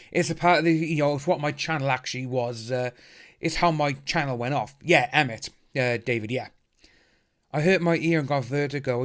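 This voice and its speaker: A man hosting a casual livestream, chatting upbeat and thanking viewers by name as he reads the chat. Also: on the high side. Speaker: livestream host reading chat. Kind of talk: casual live stream chat.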